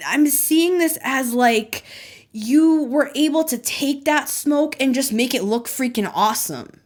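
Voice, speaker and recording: A woman giving a casual, intuitive tarot reading to camera, talking in a chatty, rambling way full of "like" and loose asides. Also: a little high. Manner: chatty, rambling, heavy use of "like", laughs often. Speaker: tarot reader.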